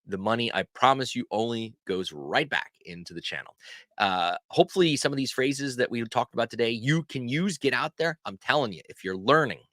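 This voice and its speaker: A man from country, hosting a language channel and urging viewers on in an upbeat, earnest way, with sudden upward jumps in pitch for emphasis. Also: brisk, a bit bright, no room sound, studio quality. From Pennsylvania Dutch country. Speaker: language teacher and channel host. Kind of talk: encouraging direct-to-camera promo talk. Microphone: dedicated microphone.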